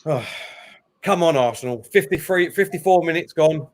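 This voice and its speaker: A man hosting a live football watchalong, calling the play and getting loud at big chances. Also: on the high side, moderate pace. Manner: excitable, shouts at big chances. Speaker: watchalong host.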